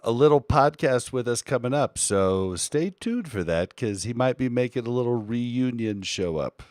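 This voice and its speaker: A man co-hosting a live podcast in casual chat, animated and shifting between his deeper everyday voice and a lighter, softer one. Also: moderate pace, no room sound, studio quality. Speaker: podcast co-host and streamer.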